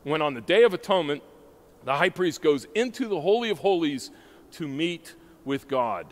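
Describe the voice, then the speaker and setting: A man's voice: a little high, animated, normal speed. A man preaching a sermon, emphatic and asking his listeners questions as he teaches. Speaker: pastor. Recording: hall reverb.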